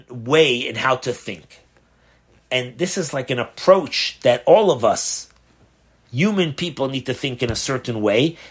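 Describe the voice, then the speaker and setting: A rabbi teaching a class on a religious text, posing questions and answering them in a conversational, animated way. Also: male voice, fairly high pitch. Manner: asks rhetorical questions, animated emphasis. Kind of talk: Torah class explaining a text.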